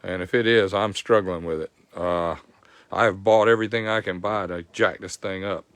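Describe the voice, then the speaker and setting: A man's voice: deep voice, steady tone, moderate pace, a bit bright, smooth, no echo. A man with a Southern accent hosting a live-streamed technical lesson, explaining step by step in a folksy way and greeting viewers by name. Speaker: host.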